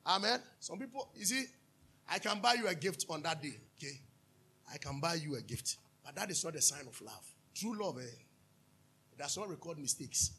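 A Ghanaian man preaching a sermon as pastor, animated, drifting into sung lines and asking his listeners to answer back. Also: on the high side, moderate pace, slight background noise. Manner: calls for audience responses, asks and answers himself.

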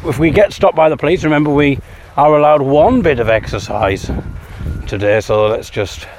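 A man's voice: fairly high pitch, moderate pace, a little hiss or hum. A man hosting a podcast, chatting wryly while walking outdoors. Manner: wry, lively. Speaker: podcast host. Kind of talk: casual walking chat.

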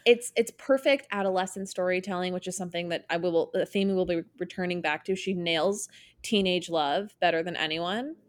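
A woman's voice: on the low side, brisk. A young adult woman co-hosting a casual podcast chat, chatty and playful, laughing often. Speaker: podcast co-host.

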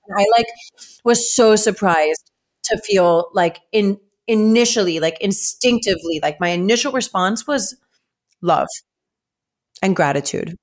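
A woman's voice: mid-range voice, moderate pace. A young adult woman hosting a podcast, talking casually and emotionally with lots of "like". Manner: chatty, heavy use of "like", emotional. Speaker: podcast host. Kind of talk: casual podcast chat and read ad.

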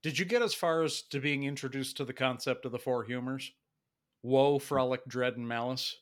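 A man in relaxed podcast conversation, working through his thoughts with plenty of "uh" and restarts. His voice sits at an ordinary middle pitch. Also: normal speed. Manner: explains at length, hesitant restarts. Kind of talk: casual chat.

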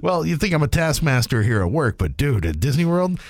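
A man's voice: a little high, sing-song, a little fast, slight background noise. A man hosting a podcast in casual chat, rambling and swearing with self-mocking humor. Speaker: podcast host.

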